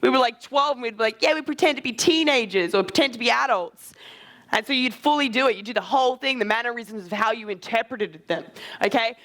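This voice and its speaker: A male coach running a live social skills seminar. He talks with energy and a casual edge, tossing in quick asides and the odd curse word. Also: extremely high pitch, sharp tone.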